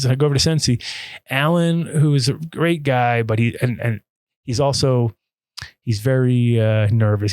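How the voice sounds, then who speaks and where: A man of middle pitch rambles through a story as a podcast guest. He swears casually and breaks into other people's voices along the way. The sound is close and dry. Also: a little mellow, no echo. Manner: rambling, profane, acts out other people's lines.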